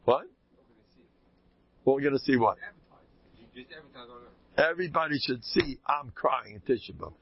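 Rabbi giving an informal talk: husky man, lively swooping delivery, folksy asides, dull lo-fi tape. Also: a little slow, long pauses. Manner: animated, jumps into high pitch for emphasis, folksy asides. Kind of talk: informal Torah talk to a live audience. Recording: dull lo-fi recording.

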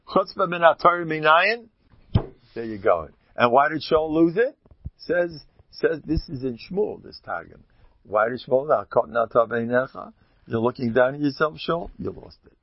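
A man teaching Torah in a loose, conversational way, his husky voice swinging widely in pitch as he presses his points. The recording is close and dry, with a dull, muffled sound. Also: dry recording. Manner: animated, jumps to high excited pitch for emphasis, laughs. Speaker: Hasidic teacher. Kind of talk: informal Torah talk.

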